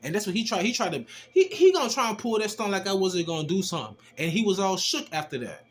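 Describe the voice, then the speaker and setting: A man casually telling a personal testimony, animated and slangy, with rough language as he acts out the exchanges he describes. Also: sits high, fast talker, a little hiss or hum. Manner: animated, slangy and profane, acting out quoted exchanges. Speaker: storyteller giving a personal testimony.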